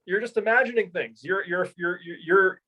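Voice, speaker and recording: A man's voice: sits high, moderate pace, rough recording. A young man, a martial arts instructor, talking casually in an interview and telling stories with lots of repeats and restarts. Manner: animated storyteller, many repeats and restarts.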